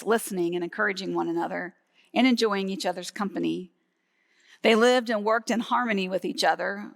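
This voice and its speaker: A woman's voice: mid-range voice, fairly bright tone. Woman, pastor, live church sermon, mid-range voice, long hall echo. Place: church sanctuary, live service.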